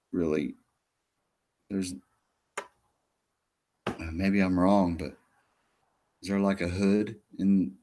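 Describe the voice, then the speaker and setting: Deep-voiced man chatting casually. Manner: rambling, hesitant, trailing off quietly. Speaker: podcast host. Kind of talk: casual chat.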